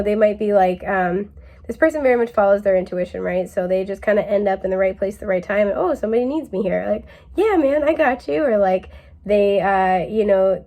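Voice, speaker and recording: Woman, tarot reader, casual chatty delivery, fillers and laughter, mid-range voice. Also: medium pitch. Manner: chatty and laid-back, many fillers, laughs often; puts on a mellow drawl for quoted phrases. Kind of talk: casual pick-a-card tarot reading.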